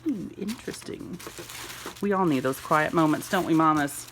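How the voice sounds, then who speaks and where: A woman filming an excited unboxing vlog at home, gushing and gasping with delight over each gift. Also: fairly low pitch, normal speed, slight background noise. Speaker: homeschool mom vlogger.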